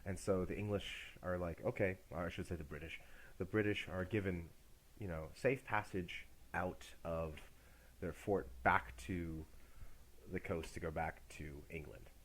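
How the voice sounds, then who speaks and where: A man's voice: low-pitched, measured pace. A middle-aged man giving a university lecture in a casual, jokey way, acting out examples as he goes.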